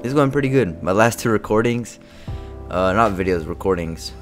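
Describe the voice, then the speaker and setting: A young man giving live commentary over his own gameplay, excitable and trash-talking, swinging between muttering and shouting. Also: fairly low pitch, brisk, faint music behind. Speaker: gaming video creator.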